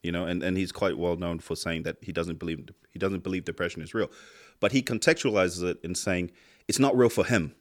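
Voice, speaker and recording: Impassioned New man, low voice. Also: brisk. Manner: impassioned, swears a lot, rising emphatic outbursts. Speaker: podcast co-host. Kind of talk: casual chat.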